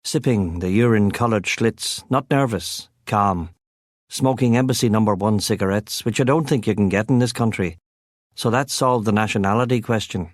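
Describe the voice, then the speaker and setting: A man's voice: on the low side, normal speed, no echo. A man narrating a first-person crime novel as an audiobook, with a wry, sardonic delivery on a close studio mic.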